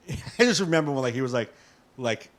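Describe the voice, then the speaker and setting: A man co-hosts a podcast and tells stories with loose, animated energy. His talk is casual and full of cursing. His voice sits at an ordinary middle pitch. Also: fairly quick. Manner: profane, animated storytelling. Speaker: podcast co-host.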